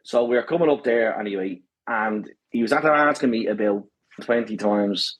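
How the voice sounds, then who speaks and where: A man's voice: lowish voice, moderate pace, poor audio. A man with a Dublin accent, a podcast guest and marathon pacer, telling stories in a casual chat full of swearing, banter and a habit of asking "right?". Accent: Dublin Irish.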